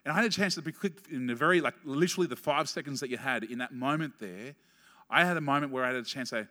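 A man preaching a sermon as pastor, telling a story with quick, animated asides and laughing at his own jokes. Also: medium pitch. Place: church hall. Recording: long reverb of a church hall.

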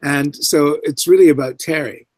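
A middle-aged man telling a story from a film set, his voice sitting a bit high for a man. He lively acts out the people he quotes with big jumps in pitch. The sound is dry and close, with almost no room around it. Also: moderate pace, dry recording. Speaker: actor, interview guest. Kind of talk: anecdotal storytelling.

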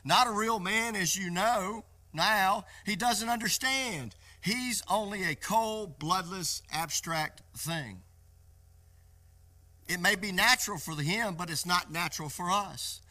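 A sly little male lizard from a sermon story, begging in a coaxing, wheedling way. His voice sits high and bright, put on lightly by a preacher reading the lines. The delivery stays close to the man's own speaking voice. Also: takes it slowly, full character voice. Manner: coaxing, pleading. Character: small wheedling male lizard pleading to survive.

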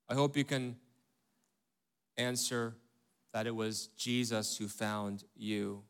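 A man's voice: medium pitch, a little slow, long pauses. A man preaching a sermon as pastor, talking in a conversational way and asking rhetorical questions, often checking in with "right?" and "okay?".

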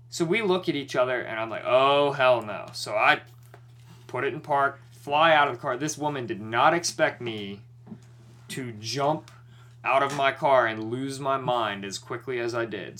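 A man's voice: mid-range voice, pushed and bright. A young man co-hosting a podcast, retelling a story in casual chat with lots of swearing and worked-up energy.

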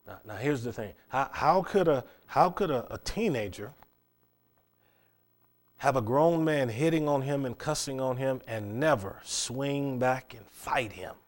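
A man's voice: medium pitch, a little slow. A middle-aged man preaching a sermon, telling a long moral story with frequent stammered restarts.

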